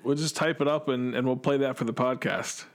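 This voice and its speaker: A man hosting a podcast, rambling and joking in a relaxed way. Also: mid-range voice, a little fast. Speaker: podcast host. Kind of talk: casual chat.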